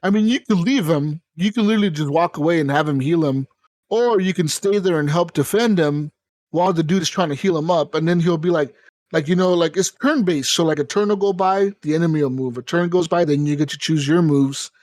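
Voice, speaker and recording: High-voiced rambling, cursing man. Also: fairly quick, darkish tone, no room sound. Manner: rambling, profane, lots of "like". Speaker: podcast host. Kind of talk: casual chat about video games.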